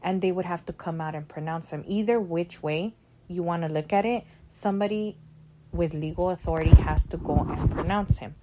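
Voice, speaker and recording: A woman's voice: lowish voice, background noise. A woman who hosts a podcast and works at a funeral home, telling stories in a chatty way with lots of fillers. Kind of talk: casual storytelling.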